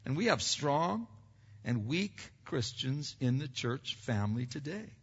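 A man preaching a sermon, swinging between loud emphatic passages and quiet earnest asides, asking the congregation questions and answering them himself. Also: medium pitch, very animated, a little slow, husky. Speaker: pastor. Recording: dull lo-fi recording with long hall reverb.

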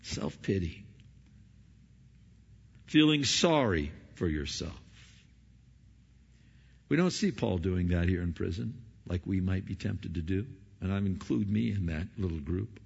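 A gravelly-voiced man delivers a sermon, rising into loud emphatic stretches and dropping into quiet, low asides. His voice rings with a long hall reverb, and the recording sounds dull and muffled. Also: animated, measured pace. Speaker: pastor.

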